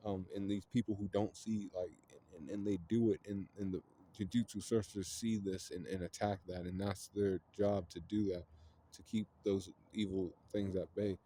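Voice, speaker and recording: Rambling low-voiced man telling a story. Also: fairly even intonation, normal speed, dark tone. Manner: rambling, heavy fillers, frequent swearing. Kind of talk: casual retelling of an anime plot.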